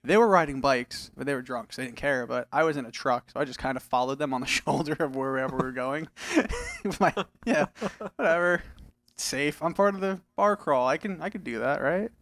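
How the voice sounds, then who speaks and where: A man's voice: fairly high pitch, animated, a little fast, fairly bright tone, dry recording, studio quality. A man co-hosting a podcast, joking around in casual chat and reading the news loosely. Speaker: podcast co-host. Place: studio.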